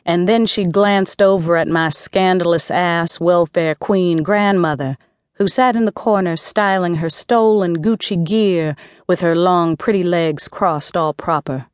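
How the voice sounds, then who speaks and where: A woman's voice: fairly low pitch, a little slow, clear, resonant tone, no echo, clean studio sound. A woman narrating a first-person audiobook in a gritty, slangy street voice.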